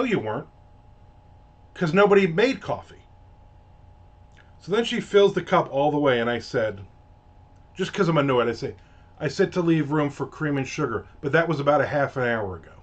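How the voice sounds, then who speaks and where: Slightly high and expressive, this man's voice moves briskly but pauses often. As host of a casual ranting monologue, he tells a story in an exasperated, profane manner, recorded in dull lo-fi sound.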